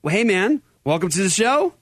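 A man's voice: sits high, very animated, a little fast, no room sound, studio quality. A man hosting a live call-in show, talking energetically and rambling with many restarts. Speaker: host. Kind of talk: casual live show chat.

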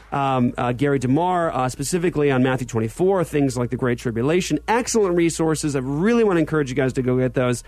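A man in his thirties hosting a casual podcast, telling stories with lots of fillers and energy. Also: medium pitch. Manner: animated storyteller, many fillers. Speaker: podcast host. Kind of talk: casual chat.

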